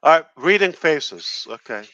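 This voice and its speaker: A man joining a casual call as a guest, giving earnest advice in halting phrases with frequent restarts. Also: on the high side, sing-song, sharp tone, muffled recording. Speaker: special guest. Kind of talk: casual video-call chat.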